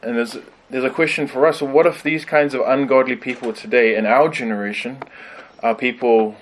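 A man teaching a conversational Bible study, thoughtful and pausing with frequent ums. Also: medium pitch, steady tone, poor audio.

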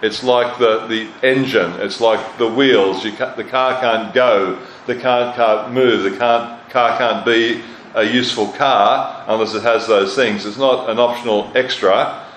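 A man's voice: lowish voice, fairly bright tone. A man preaching a sermon as pastor, emphatic, repeating lines for stress and putting questions to his hearers. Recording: roomy hall sound with faint noise.

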